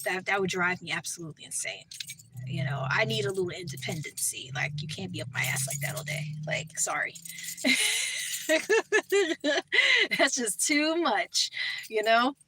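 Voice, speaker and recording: A woman's voice: on the low side, lively intonation, normal speed, pauses often, background noise. A woman vlogger talking in a casual, rambling way, full of "you know" and "like.". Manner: rambling, chatty, heavy on fillers like "you know". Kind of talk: casual vlog chat.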